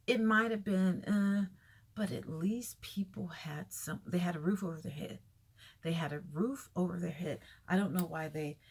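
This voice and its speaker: A middle-aged woman talks straight to her viewers in a loose, wandering monologue, often losing her point. Her voice is gravelly with a husky edge, and she keeps dropping into a whisper. It sounds like casual, unscripted chat. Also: mid-range voice. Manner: rambling, drifts into whispers, loses her thread. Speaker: vlogger.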